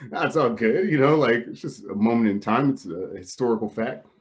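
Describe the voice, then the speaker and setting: A man's voice: medium pitch, animated, moderate pace. A young man hosting a podcast over a video call, rambling casually with many fillers and frequent laughter. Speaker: podcast host. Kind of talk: casual comedic chat.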